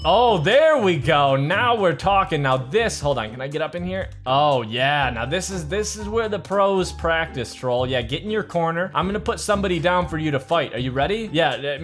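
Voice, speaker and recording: A man hosting a comedic game video, talking to his character in an excitable way, mumbling one moment and shouting the next. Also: a little high. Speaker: host narrating a game video. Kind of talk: comedic gameplay narration. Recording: music playing in the background.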